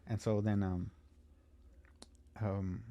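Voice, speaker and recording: A man's voice: lowish voice, little pitch movement, very slow, lo-fi sound. A man from California telling a long story in casual podcast chat, swearing freely and acting out both sides of the conversation.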